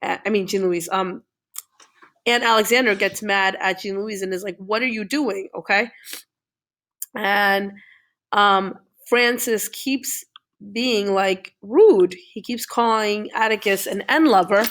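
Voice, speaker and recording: A woman teacher reviews a reading with her class, retelling the story in a relaxed, conversational way. She keeps checking in with her listeners, tagging her sentences with "okay?" and "all right?". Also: mid-range voice, takes it slowly.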